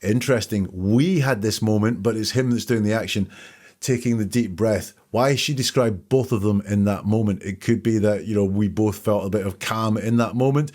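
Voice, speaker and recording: A man's voice: lowish voice, a little mellow. Man hosting an analytical podcast. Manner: measured, thinking aloud. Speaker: podcast host analyzing testimony. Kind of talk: analytical commentary.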